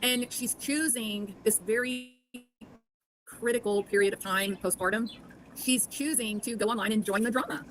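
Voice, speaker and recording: A woman's voice: a little high, moderate pace, a bit bright, a little hiss or hum, low-quality recording. A middle-aged woman giving sarcastic commentary on online drama, quizzing her audience as she goes.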